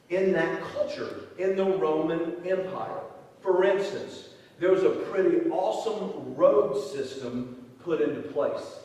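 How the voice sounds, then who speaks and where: A middle-aged man preaches in a relaxed, folksy manner, his voice sitting fairly high. The sound is roomy and booming, like a big church hall. He is caught from well back from the microphone. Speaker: pastor. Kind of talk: sermon. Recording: echoey hall, distant mic.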